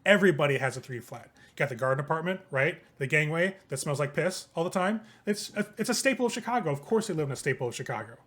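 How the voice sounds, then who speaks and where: A man voicing a brash, boastful young male vampire hustler who talks loudly and swaggers. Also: fairly high pitch, expressive, fast talker, few pauses. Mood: defiant.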